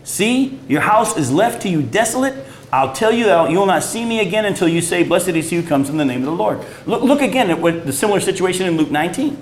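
A man preaching a sermon and reading scripture aloud, swinging between loud emphatic peaks and low, quiet stresses. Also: lively intonation, fast talker, roomy sound, rough recording. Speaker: pastor.

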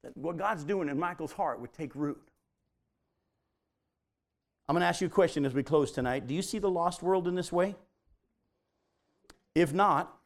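A man preaching a sermon to his congregation, swinging from loud emphatic peaks down to hushed near-whispers. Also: on the high side. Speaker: pastor.

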